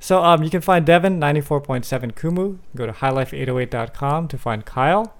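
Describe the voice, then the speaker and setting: A man hosting a casual talk show, relaxed and rambling with fillers. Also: fairly high pitch, fairly quick. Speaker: podcast host. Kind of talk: casual chat.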